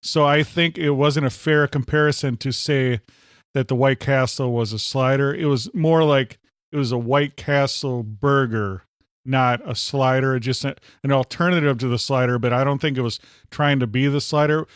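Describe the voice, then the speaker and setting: A man's voice: mid-range voice, fairly even intonation, normal speed, clear, resonant tone, no echo, studio quality. A man co-hosting a podcast, joking through a food review with playful hyperbole and frequent interjections. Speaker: podcast co-host. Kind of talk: casual food review chat.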